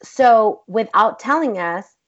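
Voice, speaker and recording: A woman and actress, the guest in an interview, telling a story in a blunt, profane, animated way. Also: fairly high pitch, slow. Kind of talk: casual storytelling. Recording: dull lo-fi recording.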